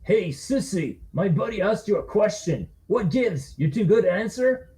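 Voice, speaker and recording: A man's voice: high voice, expressive, moderate pace, warm tone, voice pushed up. A man reading his thriller aloud, voicing a drunk male thug who goads and confronts. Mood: goading. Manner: goading, confrontational. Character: drunk male bar bully, aggressive sidekick. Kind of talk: audiobook reading.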